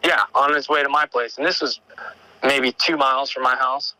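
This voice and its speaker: A man with a medium-pitched voice calls in to tell an encounter story, and the recording is rough. His speech is casual and rambling, halting with frequent restarts and fillers, and he grows excited and urgent as the events build.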